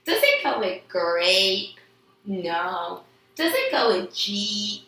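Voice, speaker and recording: A woman's voice: medium pitch, very animated, drawn-out words, bright, forceful tone, roomy sound. A woman teaching a phonics lesson to young children, stretching out words and sounds and answering her own questions in a sing-song way.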